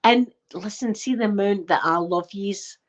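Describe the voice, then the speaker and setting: A middle-aged woman with a Scottish accent chatting warmly and emotionally to her viewers, close to tears and short of breath. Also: mid-range voice, normal speed. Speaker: ASMR channel host. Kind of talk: casual heartfelt chat to viewers. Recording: dull lo-fi recording.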